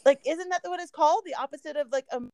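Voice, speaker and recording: A woman's voice: high voice, fast talker, a little mellow, no room sound. A woman co-hosting a podcast, telling a long rambling story in casual chat. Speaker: podcast co-host.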